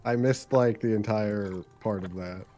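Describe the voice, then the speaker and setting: A man's voice: fairly low pitch, a little slow, mellow, slight background noise. A man playing in an online tabletop game, laid-back and wry. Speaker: player. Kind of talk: casual chat in a game session.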